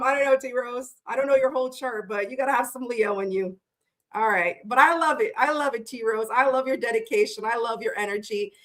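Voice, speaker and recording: A woman's voice: on the high side, a little fast, a bit bright. Chatty woman hosting a tarot livestream. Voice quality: chatty, playful, swears freely. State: tired. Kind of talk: casual livestream chat greeting viewers.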